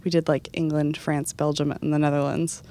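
A woman co-hosting a casual podcast chat, talkative and quick to laugh. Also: deep voice, flat delivery, mellow. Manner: chatty, laughs often. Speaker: podcast co-host.

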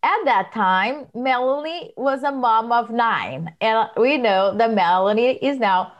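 A woman's voice: on the high side, expressive, a little slow, dull audio. A woman co-hosting a podcast in casual chat, enthusiastic and effusive. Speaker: podcast co-host.

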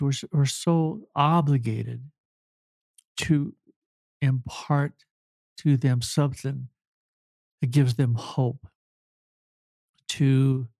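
An older man, a family counselor, answering an interview question in an earnest, halting way, choked up with emotion. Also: medium pitch, mellow, dry recording, clean studio sound.

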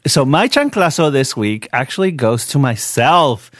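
A man's voice: medium pitch, sing-song, measured pace, very noisy. A young man hosting a casual radio chat, talkative and slipping Spanish words into his English, recorded in a studio. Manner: chatty, mixes in Spanish words. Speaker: radio show host.

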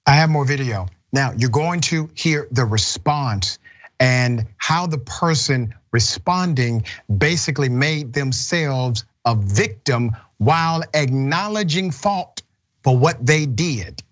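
A man's voice: medium pitch, takes it slowly, a bit bright, dull audio. A man hosting a news commentary show, talking bluntly and with indignation. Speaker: host.

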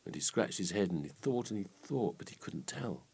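A man reading an old folk tale aloud with lively, expressive storytelling. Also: low voice, fairly quick, creaky, breathy edge.

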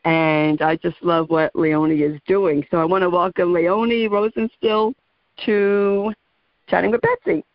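A woman's voice: lowish voice, fairly even intonation, measured pace, no room sound. A woman hosting a radio interview show in a chatty, friendly way, laughing easily as she introduces her guest. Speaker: radio talk show host. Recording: dull lo-fi radio sound.

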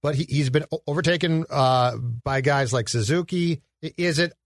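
A man co-hosting a sports podcast in an easy, teasing way, his voice sitting a bit high for a man. It is recorded dry and close, with no room sound. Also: moderate pace, no room sound. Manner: leading, quizzing, teasing. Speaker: podcast co-host. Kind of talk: casual sports chat.

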